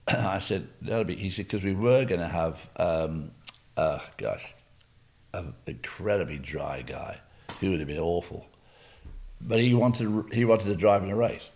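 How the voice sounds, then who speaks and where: An older Englishman with a very low voice spins a long, humorous anecdote for an interviewer. He rambles, doubles back and drops asides and the odd cough as he goes. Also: measured pace, darkish tone. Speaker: guest. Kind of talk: anecdotal storytelling.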